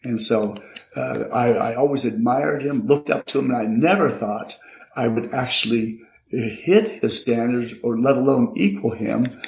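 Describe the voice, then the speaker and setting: An older man, a podcast guest, earnestly telling a personal story about his father, halting often with repeated restarts. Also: medium pitch. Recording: echoey room. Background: card shuffling.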